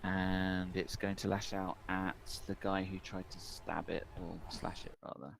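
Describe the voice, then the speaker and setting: A man's voice: sits low, little pitch movement, unhurried, creaky, faint music behind, low-quality recording. A man narrating a tabletop game as game master, describing monsters and calling for rolls.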